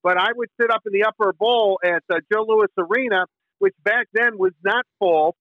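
A man's voice: sits high, normal speed, no room sound. A middle-aged man from Michigan, a sports radio host telling a rambling story with many fillers and restarts. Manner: bursts into singing the team song. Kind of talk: casual interview storytelling. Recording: tinny phone line.

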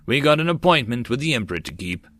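Male reader voicing a gruff marine squad leader for an audiobook, mid-pitched, barks orders, dry sound. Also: very animated, fast, a bit bright, no room sound.

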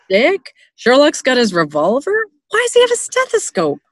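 A woman co-hosting a casual book discussion. She asks questions and analyzes in an animated way. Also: high-pitched, normal speed, no echo. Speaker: podcast co-host.

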